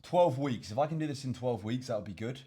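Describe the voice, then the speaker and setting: Fast and mellow, with lively intonation and a breathy edge, this young Englishman's mid-range voice runs a casual fitness Q and A to camera. As a coach and vlogger, he rambles, repeats words a lot and addresses viewers as chaps.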